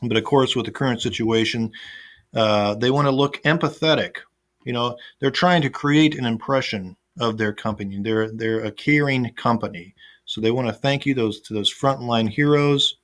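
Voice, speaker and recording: Guy teaching an online class, mid-pitched voice, laid back, lots of uhs and restarts, recorded at his computer. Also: moderate pace, a bit bright. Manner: casual and conversational, with frequent fillers and restarts. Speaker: instructor. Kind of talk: recorded online lecture with screen share.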